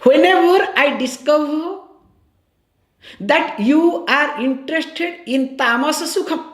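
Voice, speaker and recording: Woman, spiritual teacher, high voice, conversational discourse, repeats key phrases, echoey room. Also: animated, slow pace. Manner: conversational, checks in with listeners. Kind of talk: scripture discourse.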